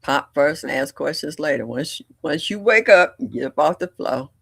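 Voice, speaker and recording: An older woman hosting a livestream, chatting casually and bluntly, telling family stories with animated delivery and laughter. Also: sits low, moderate pace, vocal fry, breathy edge, no echo, studio quality. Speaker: livestream host. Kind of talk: casual storytelling chat.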